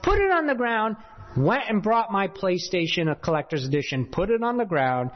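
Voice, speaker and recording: A man preaching a sermon, telling a personal story in an animated way, his voice swinging between loud bursts and hushed asides. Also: sits high, moderate pace, big-room sound. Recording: dull lo-fi sound.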